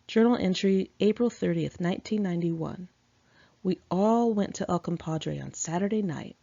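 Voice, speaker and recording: Woman reading her own memoir, low husky voice with some fry, flat dull sound. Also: no echo. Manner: candid, conversational reading. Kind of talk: audiobook narration of a memoir. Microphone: home recording, single take. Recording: dull lo-fi dry recording.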